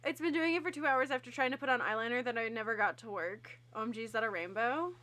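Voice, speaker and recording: Bright-voiced young woman streaming a game. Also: a little high, quick pace. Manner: chatty, playful, talking to friends while playing. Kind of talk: casual gaming stream chat.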